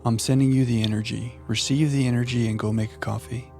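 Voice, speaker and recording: A man streaming a puzzle game live, chatting playfully with viewers and thinking out loud. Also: medium pitch, fairly even intonation, fast, faint music behind. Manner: playful, chatting to viewers while musing aloud. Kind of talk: live gameplay commentary.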